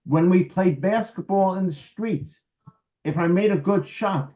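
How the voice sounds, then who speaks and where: A man's voice: high-pitched, unhurried, dull audio. A man in his seventies from New York City, giving a lecture over a video call in a wry, anecdotal, conversational way. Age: 70s. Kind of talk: storytelling lecture.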